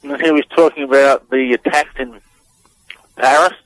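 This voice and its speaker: A man's voice: medium pitch, steady tone, normal speed, no room sound, low-quality recording. A man appearing as a radio guest, explaining audio clips in a hesitant, amused way with many fillers. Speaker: guest analyst.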